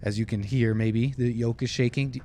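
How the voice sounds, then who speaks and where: A man with a middle-pitched voice chats casually on a livestream. He slips into playful mock-pilot announcements. A faint hum sits behind him. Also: steady tone, fairly quick, mellow. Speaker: livestream host reading viewer chats. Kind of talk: casual livestream banter with mock airline-pilot role-play.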